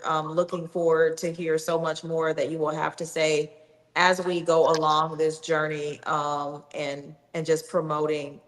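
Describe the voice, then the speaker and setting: Upbeat woman livestream host, slightly low voice, echoey video-call sound. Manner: upbeat, encouraging, salesy. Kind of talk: hosting a live book promotion.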